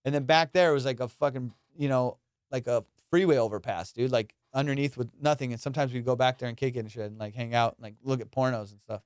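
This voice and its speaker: Fast and clear, with a resonant tone, a young man tells a profane story from his childhood on his podcast, where he's the comedian host. He's casual yet animated, imitating the people involved with loud high jumps, in a dry recording with clean studio sound.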